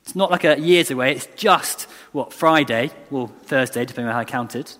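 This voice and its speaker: This man's medium-pitched, fairly bright voice carries at normal speed as he preaches in church, earnest and conversational. He frequently restarts and repeats lines to stress them, and the recording has long church reverb.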